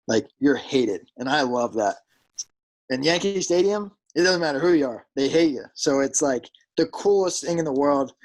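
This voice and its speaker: A man's voice: mid-range voice, low-quality recording. A young man from South Jersey, a ballplayer telling stories casually in an interview, filling his talk with "like" and acting out quotes. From South Jersey, USA. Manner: animated storyteller, acts out quotes in a raised voice, many "like" fillers. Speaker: professional pitcher, guest.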